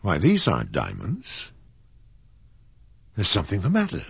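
A man voicing an eager young man in an audiobook reading, with a bright, hopeful delivery. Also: sits low, wildly swooping pitch, a little slow, vocal fry, slightly rough, no room sound, lo-fi sound, heavily acted. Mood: puzzled. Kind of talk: audiobook character voice.

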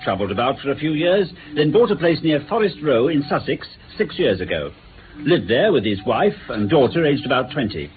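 An earnest, slightly frustrated police inspector, acted by a man in a radio drama. He lays out facts plainly, with a lively pitch. The sound is thin and phone-like with a faint hiss. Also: moderate pace, close to an everyday voice. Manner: plain, matter-of-fact reporting.

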